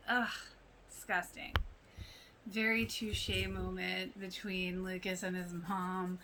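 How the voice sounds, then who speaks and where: A woman hosting a casual reaction podcast, talking in a chatty, animated way with exclamations and quoted lines. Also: mid-range voice, slight background noise, low-quality recording. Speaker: podcast host reacting to a TV show.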